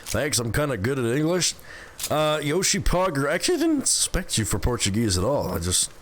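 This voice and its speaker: A man's voice: mid-range voice, sing-song, fairly quick, fairly bright tone, a little hiss or hum. A young man chatting casually with his live-stream audience while gaming, rambling and hesitant with lots of fillers and restarts. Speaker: game streamer.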